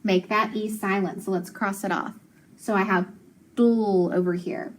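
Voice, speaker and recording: A woman's voice: medium pitch, little pitch movement, moderate pace, a bit bright, slight background noise. A woman teacher giving a phonics lesson to young pupils, asking questions, praising their answers and spelling words out letter by letter. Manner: patient, praising, asks questions and answers them; spells letters out one at a time.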